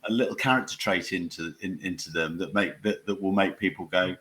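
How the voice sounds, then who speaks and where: Very low-voiced man, halting speech. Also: a bit bright. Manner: halting, many repeated words and restarts. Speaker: crime author and former police officer. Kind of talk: conversational interview answers.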